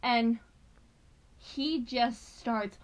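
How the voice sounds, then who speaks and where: A woman co-hosting a podcast who tells stories about her work as a prison officer in an animated, swearing way. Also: fairly high pitch, drawn-out words, poor audio. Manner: animated, swears freely, acts out quoted voices. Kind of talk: casual storytelling chat.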